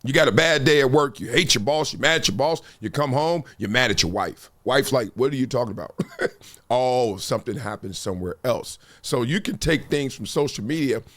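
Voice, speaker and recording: A middle-aged male host who riffs in a loose, slangy style and jumps into voices when he quotes people. His pitch sits in the middle range for a man. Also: normal speed. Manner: animated, slangy storyteller acting out quotes. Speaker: podcast host. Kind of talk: casual talk-show commentary.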